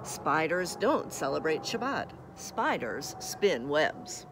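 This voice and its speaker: A gentle, caring mother spider from a storybook, warm and motherly as she soothes her child, as a woman puts her on. Her pitch rises and falls in a lively way, over a faint background hiss. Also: slow, exaggerated voice.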